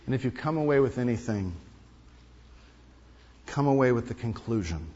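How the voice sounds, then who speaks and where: A male pastor preaching a sermon, emphatic, repeating key lines and swinging between loud and hushed delivery. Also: medium pitch, expressive, normal speed, breathy edge. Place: large hall or sanctuary. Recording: dull sound with long hall reverb.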